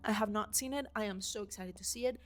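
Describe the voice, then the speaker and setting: A young woman vlogging at home, rambling excitedly and swearing casually about a film while waving a handheld mic. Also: mid-range voice, fast talker. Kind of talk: unscripted excited movie rant. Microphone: handheld mic waved around.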